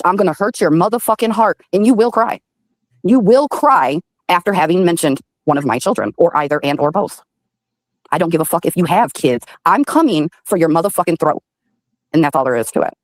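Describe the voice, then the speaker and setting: A woman on a livestream delivers a profane, threatening rant. Her pitch swings wildly as she hammers each word. Her voice is close and dry, with no room sound. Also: a little mellow, no echo, low-quality recording. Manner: profane, threatening, heavy emphasis. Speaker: livestream host.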